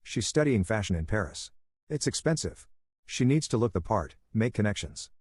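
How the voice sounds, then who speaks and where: Brief: defensive scheming mom, read by a man, low dry voice. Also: very animated, moderate pace, a little mellow, husky, no echo. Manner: defensive, evasive. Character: defensive middle-aged mother who favors her daughter.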